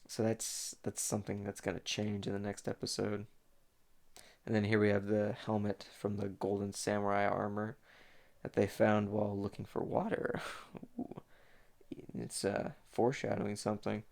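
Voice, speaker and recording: A man's voice: lowish voice, gravelly, a little mellow. A young man giving a casual, rambling commentary on his own fan animation, full of fillers and restarts.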